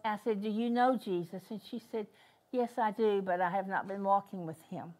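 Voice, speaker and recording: With a medium-pitched, darkish voice and fairly even intonation, an older guest minister delivers a church sermon at normal speed. Her storytelling is emphatic, built on repeated key phrases.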